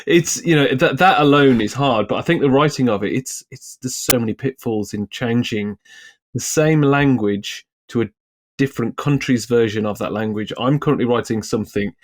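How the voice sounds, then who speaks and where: A man's voice: mid-range voice, normal speed. A British man co-hosting a casual podcast discussion, chatty and loose, with lots of "like" in his talk. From Britain. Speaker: podcast co-host, screenwriter.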